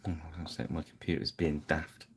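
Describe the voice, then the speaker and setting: A man's voice: a bass voice, flat delivery, fast talker, a little hiss or hum. A man hosting a live painting stream, chatting casually and apologizing with self-deprecating asides.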